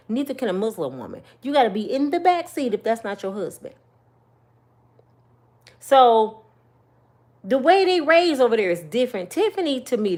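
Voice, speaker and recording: A woman, telling stories in a casual monologue, swinging between loud bursts and hushed asides. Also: medium pitch. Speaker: commentator.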